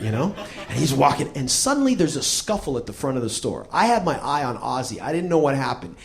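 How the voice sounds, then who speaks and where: A man hosting a show, telling a comic story in a profane, animated way and acting out the people in it. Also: mid-range voice. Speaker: host. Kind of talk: comic spoken-word storytelling.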